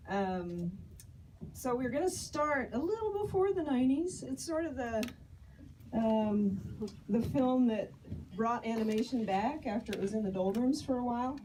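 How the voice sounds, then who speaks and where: A woman's voice: a little high, expressive, normal speed, mellow, a little hiss or hum, rough recording. A woman moderating a panel, hesitant with many fillers. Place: panel talk before an audience.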